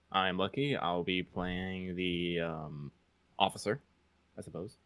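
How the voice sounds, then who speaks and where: A man's voice: low-pitched, slow, fairly bright tone, no room sound. A man playing in a tabletop game, chatting in a laid-back, self-mocking way. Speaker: player. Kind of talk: casual tabletop game chat.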